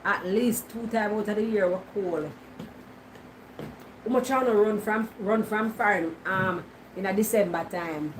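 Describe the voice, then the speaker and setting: A Jamaican woman talks straight to her viewers in relaxed Patois, teasing and answering back to their comments. A faint hiss of noise sits under her voice. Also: mid-range voice, unhurried, poor audio. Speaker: vlogger. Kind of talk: casual chat to viewers.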